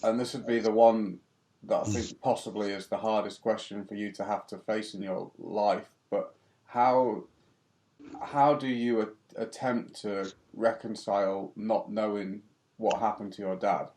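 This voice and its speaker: Podcast host, man, lowish voice, soft and careful with his questions. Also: fairly even intonation, measured pace, a little hiss or hum. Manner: gentle, hesitant phrasing. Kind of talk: interview questions.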